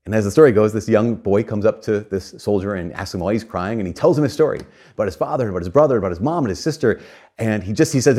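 Male preacher, low-pitched voice, earnest animated sermon delivery, casual asides, frequent restarts. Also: fast. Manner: repeats and restarts phrases.

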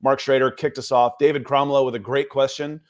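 A man of ordinary pitch co-hosts a sports podcast in relaxed chat. He is friendly and runs through listener shout-outs one by one. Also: brisk. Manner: friendly, reads out supporters' names. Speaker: podcast co-host.

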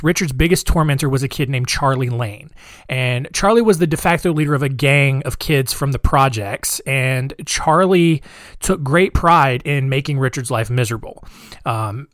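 A man's voice: mid-range voice, no room sound, clean studio sound. A man hosting a podcast, telling a true-crime story casually with wry asides and many fillers. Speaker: podcast host.

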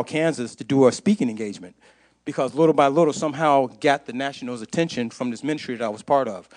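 A man's voice: medium pitch, a little mellow. A man giving an impassioned testimony to a church congregation, repeating phrases for emphasis. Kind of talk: sermon testimony.

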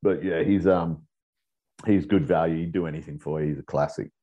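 Deep, dark-voiced Australian man. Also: fairly even intonation, a little fast, highs cut off. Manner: profane, rambling, laughing storyteller. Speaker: guest. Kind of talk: casual storytelling chat.

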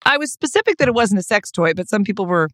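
A woman co-hosting a podcast in casual chat, playful and jokey with animated reactions. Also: mid-range voice, fast, no room sound. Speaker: podcast co-host.

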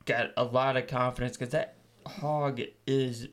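A woman's voice: extremely low pitch, steady tone, unhurried, a crowd in the background. A woman co-hosting a podcast, chatting casually with wisecracking questions. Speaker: podcast co-host. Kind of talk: casual chat.

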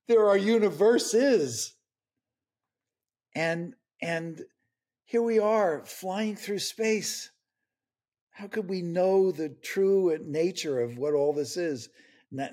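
A man's voice: fairly high pitch, darkish tone. Tearful, earnest older man. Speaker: guest, grief expert. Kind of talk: emotional interview conversation.

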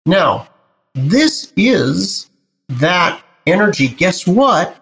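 A male spiritual teacher, a guest in an interview, explaining slowly and deliberately and speaking straight to the host. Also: high-pitched, very animated, vocal fry, a bit bright.

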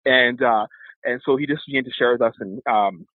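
A man, an evangelist guest, telling a lively testimony story and acting out the voices of the people in it. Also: medium pitch, a little fast, dry recording. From Canada. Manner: animated storyteller, acts out voices. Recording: tinny phone-like line.

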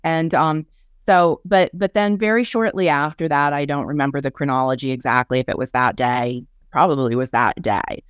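Lively sixty-year-old woman telling stories. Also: deep voice, normal speed, clear, resonant tone, no echo, clean studio sound. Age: 60s. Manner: lively, acts out the people she quotes. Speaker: guest speaker and ministry leader. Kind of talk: conversational storytelling.

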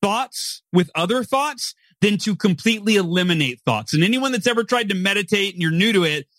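High-voiced, emphatic man explaining. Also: lively intonation, brisk, fairly bright tone, no echo. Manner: emphatic, repetitive "right?" tag questions. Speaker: guest author. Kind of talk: podcast interview, motivational explaining.

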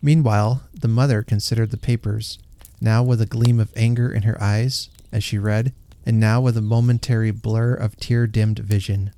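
Narrator for a classic story read aloud: man, mellow warm tone, unhurried and gentle. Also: fairly low pitch, fairly even intonation, slight background noise.

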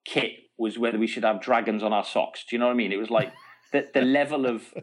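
A middle-aged man spins an animated story as a guest in a relaxed interview. He laughs often and keeps restarting his sentences as the story runs on. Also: medium pitch, quick pace. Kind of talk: casual storytelling.

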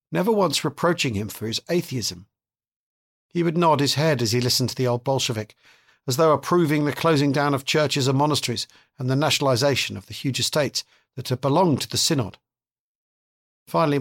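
A man reads a novel aloud in a measured, steady way. His voice has a husky edge. He stays at an average pitch for a man. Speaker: narrator reading a novel. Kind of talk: audiobook narration.

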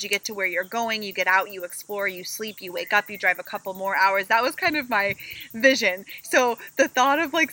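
A woman co-hosting a casual travel podcast, telling stories with animated energy and acting out what people said. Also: mid-range voice, no echo, low-quality recording. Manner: animated storyteller, acts out quotes. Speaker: podcast co-host.

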